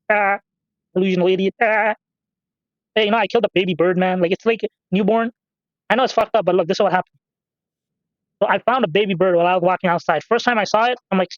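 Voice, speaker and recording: A man's voice: sits high, fast, long pauses, dry recording, muffled recording. A man casually rambling through profane, off-topic stories while commenting on a game he is playing. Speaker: gaming channel host.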